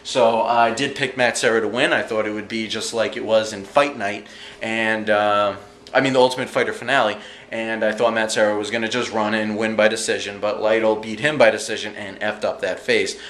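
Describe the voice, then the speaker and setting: A man giving an animated, slangy, jokey recap of fight events in a casual vlog. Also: lowish voice, a little fast, roomy sound. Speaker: vlogger reviewing fight events.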